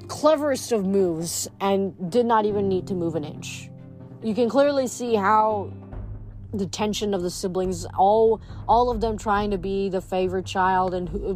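A woman's voice: medium pitch, darkish tone. A woman reading a novel aloud with expression, adding her own short comments between chapters. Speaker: reader.

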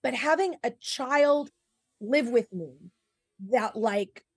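High-voiced woman chatting on a podcast. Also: expressive, slow, breathy edge, no room sound, clean studio sound. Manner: rambling, acts out her inner voice. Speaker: podcast co-host. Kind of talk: casual conversation.

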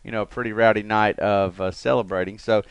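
A man's voice: on the low side, steady tone, fast, clear, resonant tone, no echo, highs cut off. A man hosting a podcast from a radio studio, chatting casually and rambling along with small laughs. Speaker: podcast host. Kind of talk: casual chat.

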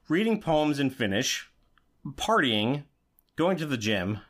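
A man's voice: medium pitch, sing-song, takes it slowly, a bit bright. A man co-hosting a podcast in casual chat, reading out quiz questions and laughing often. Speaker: podcast co-host.

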